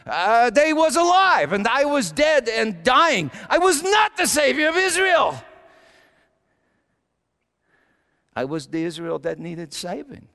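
A man playing a fiery, repentant Paul in a dramatic sermon monologue, stammering and repeating words as he drops to low murmurs and rises to shouts. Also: sing-song, measured pace, few pauses, long reverb tail, exaggerated voice. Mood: fervent. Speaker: church speaker in character.

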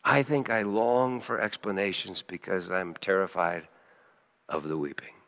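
A man preaching a sermon, dropping to hushed, quiet lines and then rising sharply into loud, high emphasis. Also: steady tone, measured pace, big-room sound. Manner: emotional, swings between soft hushed lines and sudden loud high emphasis. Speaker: pastor.

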